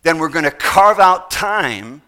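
A man's voice: fairly high pitch, lively intonation, unhurried, pushed and bright, smooth. A middle-aged man preaching a sermon, pressing his point with repeated rhetorical questions. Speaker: pastor.

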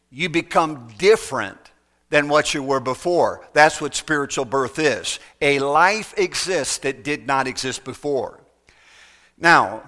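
Male preacher, bright tense tone, slightly high voice, sermon with homespun examples. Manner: folksy illustrations, emphatic pauses.

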